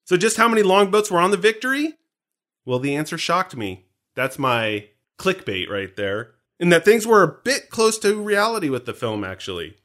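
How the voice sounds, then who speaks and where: Man, podcast co-host, bright voice, lively pitch, joking trivia chat. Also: normal speed. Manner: joking, animated, teasing. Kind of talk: casual movie commentary chat.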